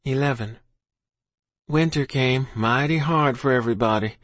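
A man's voice: medium pitch, moderate pace, a bit bright, dry recording. A man narrating a first-person story in a folksy rural dialect. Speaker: audiobook narrator.

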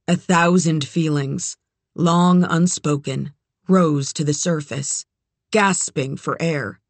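An audiobook narrator reading a tense thriller passage in a measured, even storytelling voice. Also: mid-range voice, dry recording. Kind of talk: scripted narration.

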